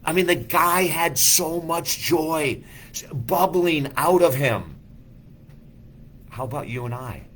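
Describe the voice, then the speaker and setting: A man's voice: mid-range voice, a bit bright, slight background noise. A man who is a life coach, giving an enthusiastic motivational talk full of rhetorical questions.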